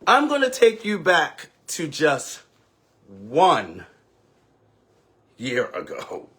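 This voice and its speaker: A man's voice: a little high, wildly swooping pitch, extremely slow, pushed and bright, slightly rough. A man who is a ballroom house mother, telling an emotional, candid and profane story on a live stream with sassy, dramatic delivery.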